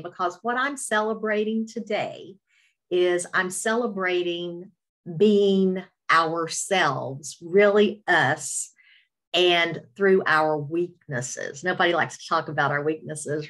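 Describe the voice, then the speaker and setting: Southern-accented woman, lowish voice. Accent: Appalachian Southern. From Virginia, USA. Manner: warm storytelling, faith-filled, self-deprecating humor. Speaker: radio host, webinar speaker. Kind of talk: personal testimony talk. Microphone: webinar video call.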